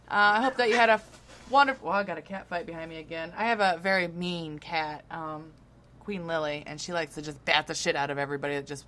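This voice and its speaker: Podcast co-host, woman, slight Southern drawl, bright tone, loose and profane banter. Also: medium pitch. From Ohio. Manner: chatty, laughs often, swears casually. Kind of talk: casual chat.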